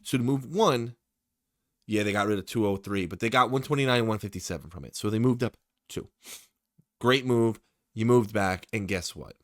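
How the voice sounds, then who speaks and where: Low-voiced man giving excited draft takes. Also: normal speed, no room sound, studio quality. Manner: opinionated, excitable, talks to the viewer. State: tired, late at night. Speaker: sports YouTuber. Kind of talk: casual draft commentary.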